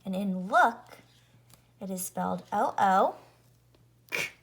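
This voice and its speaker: A woman teaching a phonics lesson to young children, sounding out each letter slowly and clearly. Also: medium pitch, animated.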